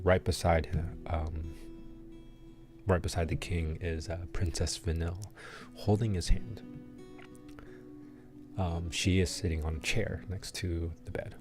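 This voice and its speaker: A man with a very deep, low voice runs a tabletop role-playing session, describing scenes slowly and haltingly, often stopping to find his words. Faint guitar music sits under his narration. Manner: halting, many ums and restarts. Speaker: game master.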